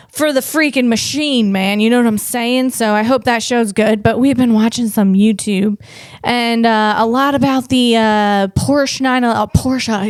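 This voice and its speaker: A woman's voice: on the high side, no echo, clean studio sound. A woman comedian hosting a tech show, riffing in a loose, rambling monologue full of playful asides. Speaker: comedian host.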